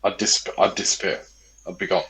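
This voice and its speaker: A man with a low, deep voice co-hosts a casual podcast chat. He rambles, circles back over his own words and swears freely. He talks into a studio podcast mic. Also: little pitch movement, moderate pace, sharp tone, poor audio. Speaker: podcast co-host.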